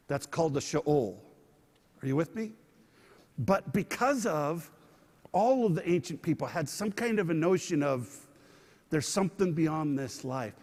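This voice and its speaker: A man's voice: fairly high pitch, a little mellow, big-room sound. A man teaching a sermon in a conversational way, often asking his listeners questions. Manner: conversational, asks the audience questions.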